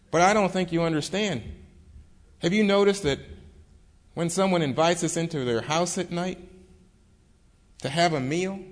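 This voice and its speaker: A stern older law dean scolding his student in an earnest, lecturing tone, his voice raised a little higher, as a man voices him in a told story. He speaks with steady moral weight and no bluster. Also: close to an everyday voice.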